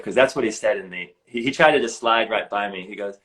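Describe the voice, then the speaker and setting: A man in his forties telling a personal story in an earnest, animated way, often saying "like", recorded over a live video stream. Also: on the low side, brisk, low-quality recording. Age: 40s. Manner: earnest, animated, heavy use of "like". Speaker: guest. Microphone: live video stream on a phone or computer.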